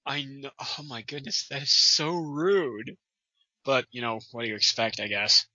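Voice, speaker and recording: A man with a very bright, edgy voice trades wry remarks with his co-host. He stammers a little and uses mild, old-fashioned exclamations. The sound is dry and a little dull. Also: medium pitch, animated, normal speed, no echo. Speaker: podcast co-host. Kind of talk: comedic commentary.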